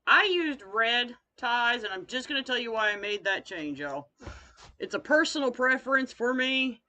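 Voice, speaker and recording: A woman's voice: a little high, animated, moderate pace, pushed and bright. A woman with a Kentucky accent, chatting folksily with viewers while demonstrating wreath making in a live craft tutorial.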